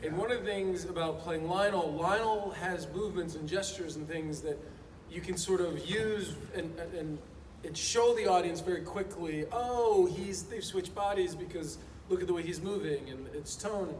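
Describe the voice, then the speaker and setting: A man telling a relaxed anecdote as a panelist at a convention. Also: high-pitched, normal speed. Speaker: actor panelist. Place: large convention hall. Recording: echoey convention hall from far off. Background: ambient hall noise.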